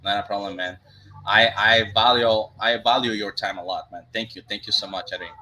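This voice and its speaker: A man's voice: fairly low pitch, fairly even intonation, a little fast, pushed and bright, poor audio. A man hosting a casual video interview, speaking with frequent restarts and repeated thanks. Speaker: interview host.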